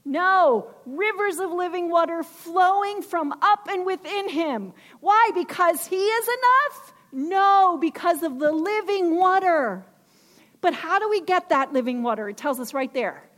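A woman's voice: very high-pitched, lively intonation, a little slow, fairly bright tone. A woman preaching a sermon with emphasis, asking her listeners questions.

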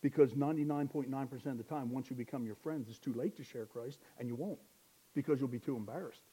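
A young man preaching a sermon, building to loud, impassioned exhortation. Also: mid-range voice, fast, slightly rough.

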